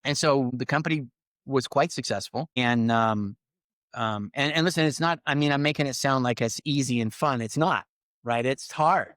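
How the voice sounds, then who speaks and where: A middle-aged man telling business stories in a casual interview, acting out quoted lines with lively swings. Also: mid-range voice, moderate pace, no echo. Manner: animated storyteller, acts out quoted lines. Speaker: podcast guest.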